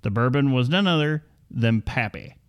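A young man co-hosts a casual podcast chat, reading news items aloud in a wry tone and laughing often. His mid-range voice has lively intonation, a normal speed and a clean tone.

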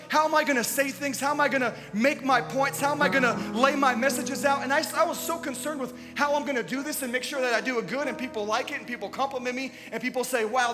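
A male pastor preaching a conversational sermon, dropping to quiet asides and then rising to loud, emphatic bursts. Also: extremely high pitch. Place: church sanctuary. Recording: long church reverb with faint music.

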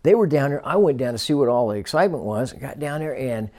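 Older man telling stories, mellow voice. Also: mid-range voice, lively intonation, quick pace. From Northern California. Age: 60s. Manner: storytelling, acts out quoted dialogue. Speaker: retired fire captain. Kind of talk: oral history interview.

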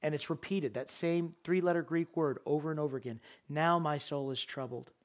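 A man's voice: a little high, a little fast. A man preaching a sermon, reading scripture verses aloud and explaining them, and repeating key phrases for emphasis.

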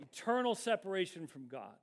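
A man preaching a sermon as pastor, emphatic, slowing down to stress key words. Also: high-pitched, big pitch swings, very noisy.

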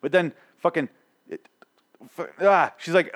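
A man's voice: on the high side, animated, unhurried, fairly bright tone. A man hosting his own podcast, ranting profanely through a solo TV episode recap with exasperated outbursts. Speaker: podcast host.

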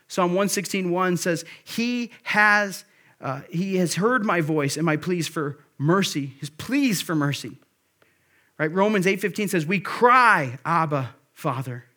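An earnest man delivering a sermon from the pulpit. His voice sits a little higher than most men's, and he keeps pressing his points with conviction. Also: fairly bright tone. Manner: earnest, exhorting, rises for emphasis. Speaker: pastor.

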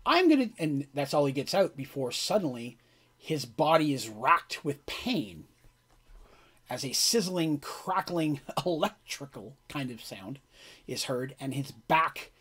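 Needs: husky male game master, lively narration. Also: mid-range voice, measured pace. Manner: animated, casual descriptive narration.

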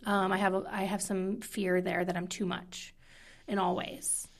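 A woman talks candidly and earnestly, her voice carrying a steady gravelly fry. She sounds emotional and personal, and at times she sinks into a whisper. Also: mid-range voice, measured pace. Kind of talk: candid intimate conversation.

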